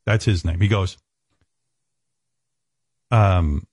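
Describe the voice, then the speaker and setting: A man's voice: sits low, drawn-out words, a little mellow, dry recording, studio quality. Blunt, profane man on radio. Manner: blunt and profane, self-deprecating. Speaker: radio show host. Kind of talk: candid on-air talk.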